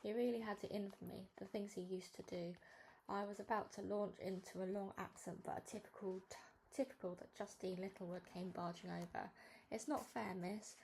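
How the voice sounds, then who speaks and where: A woman reading a children's novel aloud, narrating in the first person with an expressive, cheeky tone. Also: medium pitch, fairly quick, slight background noise. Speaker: storybook reader.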